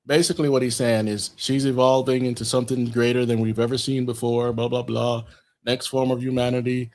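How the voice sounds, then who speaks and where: A man's voice: medium pitch, fairly even intonation, moderate pace. A man hosting a podcast, talking casually through a film's plot and reading out its dialogue in his own voice, with many fillers. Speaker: podcast host. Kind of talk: casual film commentary, reading out scenes.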